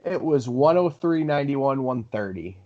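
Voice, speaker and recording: A man's voice: mid-range voice, expressive, normal speed. Man ribbing his co-host on a dull line. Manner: teasing, laughs easily. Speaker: podcast co-host. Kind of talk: casual chat.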